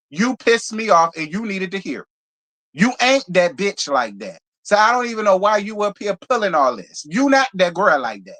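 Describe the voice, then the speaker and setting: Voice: mid-range voice, big pitch swings, normal speed, a bit bright. A reality TV reviewer hosting a live show review, ranting in a blunt, profane, heated way and hammering points home by repeating them. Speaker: reality TV reviewer, channel host.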